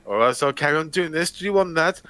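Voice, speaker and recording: A man putting on a booming, stern older actor who scolds a colleague in a loud, commanding, theatrical way. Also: lively intonation, fast talker, clean tone. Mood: stern scolding.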